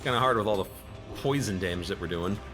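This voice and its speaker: A man's voice: low voice, fast. A man streaming a game, talking casually and joking to himself and the viewers as he plays. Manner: chatty, jokes at the game and at himself. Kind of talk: casual gameplay commentary. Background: game music.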